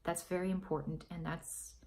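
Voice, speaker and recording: A woman vlogger giving an earnest opinion monologue, stressing and repeating her key points and pausing to find her words. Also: on the low side, little pitch movement, darkish tone. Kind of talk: personal opinion monologue to camera.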